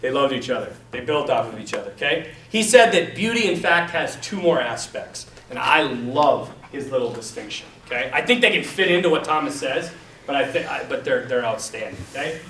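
Young guy teaching class, super animated, calls everyone man, roomy echo and faint background noise. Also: mid-range voice, brisk. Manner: animated, addresses listeners as man and you guys. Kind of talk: lively classroom lecture. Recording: echoey room, mic from a distance.

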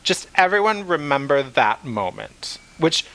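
Animated, bright-voiced man recapping a book. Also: fairly high pitch, a little slow, low-quality recording. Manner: animated retelling, laughs often, swears. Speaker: podcast host. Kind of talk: casual book discussion.

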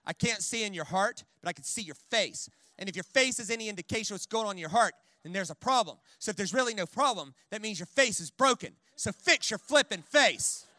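A man preaching a sermon in a church in an animated, conversational way, full of jokes and quick "right?" asides. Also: sits high, no room sound. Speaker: guest preacher. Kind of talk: sermon with storytelling.

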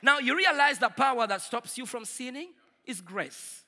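A man preaching a sermon to a congregation, swinging from loud declarations to quiet asides. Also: very high voice, lively intonation, moderate pace, gravelly, long reverb tail. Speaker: pastor.

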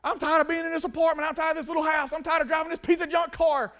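A man voicing a young woman in a sermon, high and gushing at first, then whiny and complaining. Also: flat delivery, racing, a bit bright, long reverb tail, faint music behind.

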